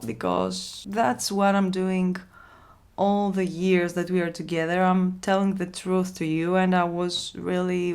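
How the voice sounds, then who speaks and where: A woman ASMR host talking in a halting, heartfelt vlog, with a voice worn from illness and frequent restarts. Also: fairly low pitch, smooth. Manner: halting, repeats herself, soft laughs. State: losing her voice from illness. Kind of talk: emotional casual vlog talk.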